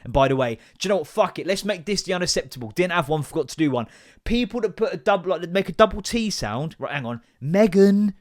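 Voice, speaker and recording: A man's voice: high-pitched, fast talker, no room sound. Sweary exasperated man ranting. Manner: sweary, exasperated, animated with put-on voices. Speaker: podcast host. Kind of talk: comic rant.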